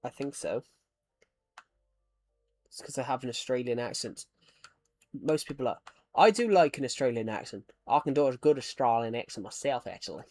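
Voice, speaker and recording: A man's voice: mid-range voice, lively intonation, moderate pace, pauses often, darkish tone, no room sound, soft background music. Rambling man chatting casually. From United Kingdom. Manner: rambling, many false starts and restarts. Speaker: Minecraft streamer. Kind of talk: casual chat while gaming.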